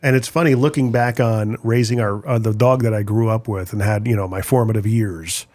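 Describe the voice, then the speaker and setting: A man co-hosting a podcast, chatting and joking in a relaxed way. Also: fairly low pitch, fairly quick, dry recording, studio quality. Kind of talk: casual chat.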